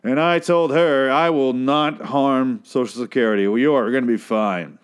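A glib male politician , as a man puts him on, spins a campaign-trail story in slow, folksy stump-speech cadences. The voice sits a bit raised and leans on every point. It is a mocking imitation. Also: medium pitch, smooth, close to an everyday voice.

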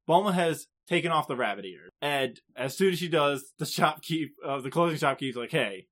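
A man chatting through an anime recap on a podcast, his voice sitting fairly high. He swings his pitch widely and laughs easily as he talks. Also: brisk, few pauses. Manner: animated, laughs often, mimics characters. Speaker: podcast co-host. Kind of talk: casual chat recapping an anime.

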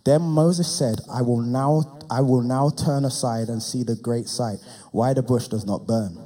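A young adult man preaching, telling a personal testimony in an animated way that builds to loud, impassioned preaching. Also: mid-range voice, unhurried.

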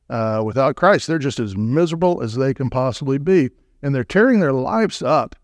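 A man preaching as a guest speaker, animated and emphatic, with joking asides to the congregation. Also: mid-range voice, dry recording, clean studio sound. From Southern California. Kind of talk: sermon.

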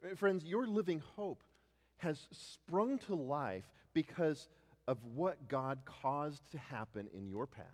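With a long reverb tail behind his mid-range voice, a pastor delivers a sermon. He frequently restarts and repeats words, swinging between loud declarations and hushed passages.

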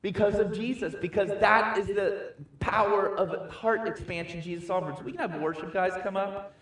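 Male preacher, sermon, emphatic, higher voice, very echoey hall, mic far off. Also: steady tone, normal speed. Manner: emphatic, swings from quiet to loud. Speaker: pastor. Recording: echoey room, distant mic.

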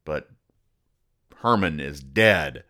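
A man hosting a podcast, recapping comic strips in a casual, deadpan way and explaining each joke. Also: extremely low pitch, extremely slow. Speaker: podcast host.

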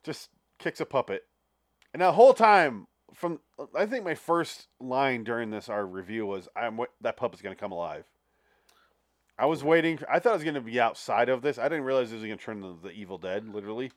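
A man's voice: medium pitch, expressive, a little fast, dry recording. Blunt, joking man in dry sound. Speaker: podcast host. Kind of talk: casual chat.

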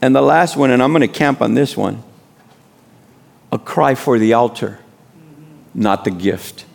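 A mid-range, creaky voice delivers an unhurried sermon from a guest speaker. He exhorts the congregation in plain, informal language, prompting repeated "amen"s in call-and-response.

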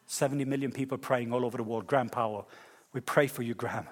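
A man preaching a sermon at a service, telling stories in an animated way that swings from loud bursts to hushed tones. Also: medium pitch, fast talker. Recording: reverberant church hall.

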